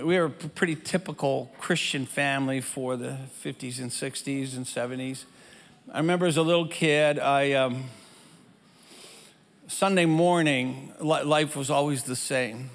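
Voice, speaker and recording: An older man preaching, telling a rambling, self-deprecating childhood story with lots of restarts, in a church hall. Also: mid-range voice. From German family. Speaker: pastor. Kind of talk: storytelling sermon. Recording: echoey hall with music behind.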